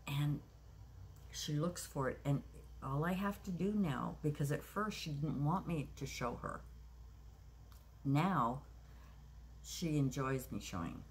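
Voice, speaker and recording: A woman in her sixties telling a personal story in a reflective, unhurried way, with many pauses and restarts. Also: very deep voice, a little hiss or hum. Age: 60s. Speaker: craft vlogger.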